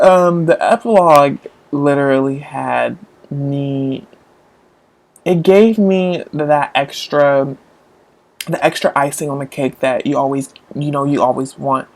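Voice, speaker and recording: A woman with a low voice talks casually to her viewers as a book vlogger. She rambles and gushes, and her voice jumps up into high squeals when something excites her. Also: unhurried. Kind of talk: casual live-chat book talk.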